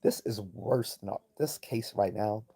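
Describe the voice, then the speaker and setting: A man's voice: on the low side, a little slow, gravelly, warm tone, slightly rough. A man hosting a livestream, giving blunt, profane, rambling commentary and reading chat messages aloud. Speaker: livestream host.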